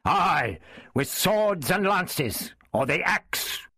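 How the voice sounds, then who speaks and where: A man voicing a fierce, hot-headed crusader earl who talks in a loud, scornful, emphatic way. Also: high voice, sing-song, extremely slow, husky, no room sound, studio quality, pitched above the performer's own voice, full character voice. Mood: sneering.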